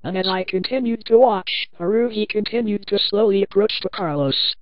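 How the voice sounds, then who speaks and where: A woman reads a first-person horror story aloud in a plain, earnest way, at a middling pitch. The recording is muffled and lo-fi, with a dry, close sound and no room around it. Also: moderate pace, no echo. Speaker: narrator.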